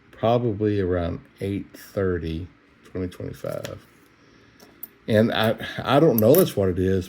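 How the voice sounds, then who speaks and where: A middle-aged man with a lowish, warm voice narrates casually while searching coin rolls at home late at night. He's tired and yawning, and his chat is easygoing and folksy.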